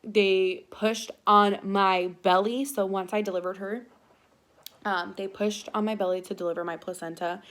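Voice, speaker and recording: A young woman speaking casually to her viewers at a mid-range pitch for a woman. She tells a personal story in a loose, chatty way, full of fillers and little restarts. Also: normal speed. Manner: chatty, filler-heavy, animated retelling. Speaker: vlogger.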